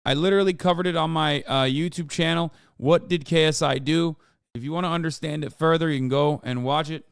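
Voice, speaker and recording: A man's voice: on the high side, steady tone, fairly quick, creaky, smooth, no echo, studio quality. A man hosting a live stream, reacting to clips with sarcastic, sweary commentary. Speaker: streamer host.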